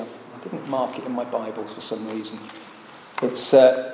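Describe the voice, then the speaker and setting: A man's voice: a little high, a little mellow. A man preaching a sermon in a church, earnest and often putting rhetorical questions to the congregation. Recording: echoey church hall.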